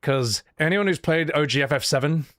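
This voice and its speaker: A man's voice: a little high, a little fast, a bit bright, dry recording, studio quality. A man doing live-stream reaction commentary, opinionated and rambling, with stammered restarts.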